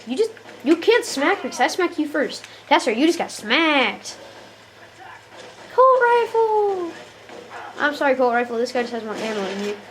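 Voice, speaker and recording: A woman's voice: high-pitched, animated, fairly quick, low-quality recording. A woman giving playful, trash-talking commentary over a shooter game, sounding tired. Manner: playful trash talk at enemies. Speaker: gameplay commentator. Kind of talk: gameplay commentary.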